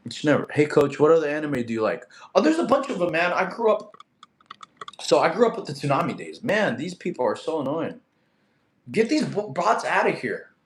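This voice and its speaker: Young guy from russia doing a fitness livestream, bouncy pitch, voice a bit high, echoey room. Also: slight background noise. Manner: lively, quick to get irritated at spammers. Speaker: fitness streamer. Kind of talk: livestream chat reading.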